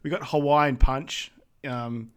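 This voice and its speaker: A laid-back man co-hosting a podcast, walking through a film scene by scene in a relaxed, casual chat. He chuckles often as he talks, at an ordinary middle pitch. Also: slow, smooth. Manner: laid-back, chuckling, acts out quoted lines. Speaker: podcast co-host.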